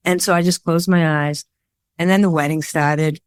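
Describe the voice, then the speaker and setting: A woman's voice: deep voice, normal speed, smooth, no echo. Chatty woman photographer telling stories. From Worcester, Massachusetts area. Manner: rambling, animated storytelling with frequent fillers. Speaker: guest, photographer. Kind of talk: casual interview chat.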